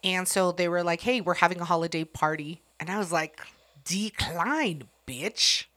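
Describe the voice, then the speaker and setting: A woman's voice: lowish voice, normal speed, fairly bright tone. Sassy blunt young woman. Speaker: podcast co-host. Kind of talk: casual podcast chat.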